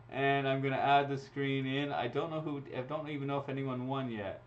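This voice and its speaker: On a dull lo-fi livestream with slight background noise, a raffle host talks fairly quickly in a steady, medium-pitched voice. He chats casually and laughs through each draw, speaking into a computer mic.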